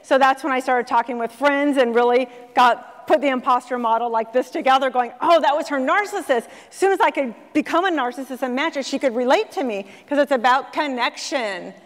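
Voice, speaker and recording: A middle-aged woman speaking at a conference, telling a story to an audience in a lively way and acting out the voices of the people in it. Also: high voice, brisk, few pauses. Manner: animated, acts out quoted voices. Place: large conference hall. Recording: long hall reverb.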